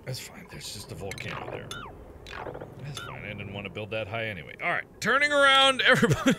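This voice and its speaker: A man giving theatrical let's play commentary, swinging between muttering to himself and loud, melodramatic outbursts. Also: on the low side, big pitch swings, fairly quick, noisy background. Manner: playful, melodramatic self-talk. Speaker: gameplay commentator.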